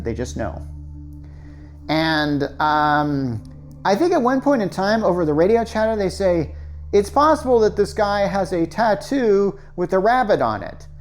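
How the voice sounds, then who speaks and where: A woman's voice: a little high, a little mellow. A woman giving a casual, sarcastic film review full of rhetorical questions and fillers. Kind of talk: casual rant-style movie review.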